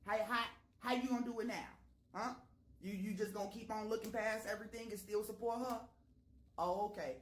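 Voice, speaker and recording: A woman's voice: on the high side, fairly even intonation, a little fast, slight background noise. A woman vlogger delivering an exasperated, profane, dramatic rant to camera from her home kitchen.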